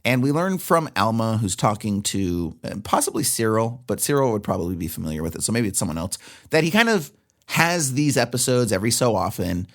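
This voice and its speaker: A man co-hosting a film podcast, recapping the plot at length in a relaxed, casual chat. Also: fairly low pitch, fairly quick. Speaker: podcast co-host.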